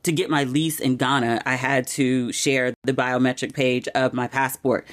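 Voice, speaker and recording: A woman hosting her own podcast, talking casually and candidly with frequent "like" asides, and getting emotional and animated over personal news. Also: rumbling low, moderate pace. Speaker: podcast host. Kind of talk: casual chatty monologue.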